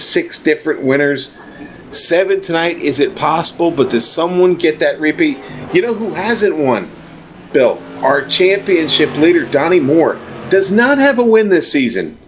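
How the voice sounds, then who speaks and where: A man doing casual, relaxed commentary for a sim racing broadcast, chatty and full of fillers. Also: a little high, a little slow. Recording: faint background noise.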